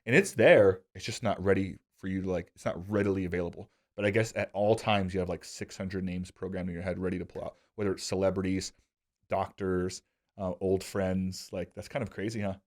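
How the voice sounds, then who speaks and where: A man in his thirties with a fairly low voice, chatting casually on a podcast. He tells stories animatedly, pitching way up when he acts out what he said as a kid. His tone stays loose and self-deprecating, full of fillers. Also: a little fast. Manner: animated storyteller, jumps to high excited pitch when quoting himself. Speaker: podcast host. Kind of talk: casual conversational storytelling.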